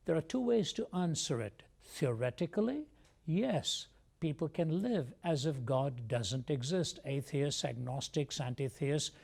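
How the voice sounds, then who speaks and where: A man from India, a guest on a TV interview show, telling his life story in a measured, earnest way. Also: fairly high pitch, animated, vocal fry, darkish tone, breathy edge.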